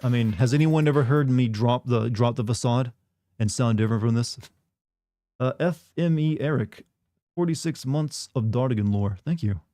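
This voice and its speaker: Mellow-voiced sardonic male streamer. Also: medium pitch, moderate pace, no room sound, studio quality. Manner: rambling, sardonic, many "like" fillers. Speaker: game streamer. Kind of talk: casual chat with stream viewers.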